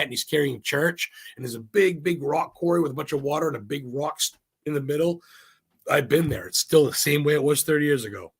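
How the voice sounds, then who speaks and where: Gravelly, husky man chatting excitedly. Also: fairly high pitch, brisk. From Maine. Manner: rambling, excitable, swears freely. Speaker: podcast guest. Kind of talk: casual interview chat.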